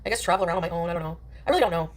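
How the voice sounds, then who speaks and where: A woman's voice: lowish voice, racing. Dismissive woman rambling on a livestream. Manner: dismissive, rambling, many likes. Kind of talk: casual livestream chat.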